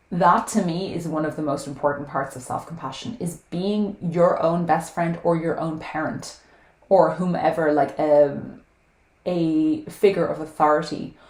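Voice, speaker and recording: A woman with a low, darkish voice vlogs to camera in an echoey room. She talks frankly and earnestly about self-compassion and weight loss, swearing casually now and then.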